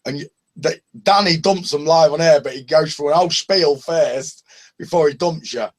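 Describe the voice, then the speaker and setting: A man with a Northern English accent telling lively anecdotes in a casual open mic video call, laughing and swearing freely. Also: on the high side, normal speed. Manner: animated storyteller, laughs often, swears. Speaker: open mic hangout participant.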